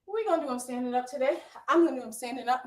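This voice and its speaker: A woman's voice: high voice, animated, rapid-fire, darkish tone. A woman fitness instructor coaching a live workout, upbeat and out of breath, cheering and counting down. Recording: echoey room from far off.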